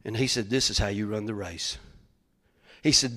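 A man preaching a folksy sermon as pastor, swinging from loud calls to hushed whispers. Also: fairly low pitch, a little fast.

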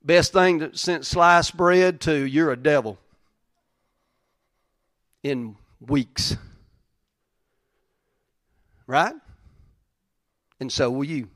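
A man preaching a sermon in a plain-spoken, folksy way, repeating phrases for emphasis and swinging between loud and soft. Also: on the high side, takes it slowly, long pauses, no room sound. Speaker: pastor.

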